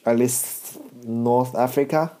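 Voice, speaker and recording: A man doing a casual comedy monologue, halting, with broken grammar and many restarts. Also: mid-range voice, steady tone, dark tone. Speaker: stand-up comedian.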